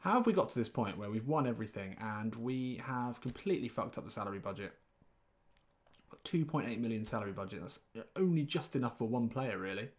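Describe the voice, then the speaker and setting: A man's voice: medium pitch, lively intonation, fairly quick. A man, rambling chattily through live gameplay commentary while greeting chat viewers. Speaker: game streamer.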